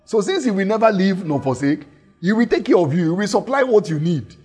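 Husky guy preaching, bit high voice, repeats stuff, asks the room questions. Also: animated, fairly quick, a little mellow, faint music behind. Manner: teaching, repeats key phrases, asks the listeners questions. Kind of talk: sermon.

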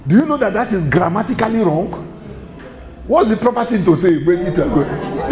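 Preacher guy, high voice swinging all over, echoey church hall. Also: normal speed, music in the background. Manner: animated, rhetorical questions, chuckles often. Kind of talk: sermon.

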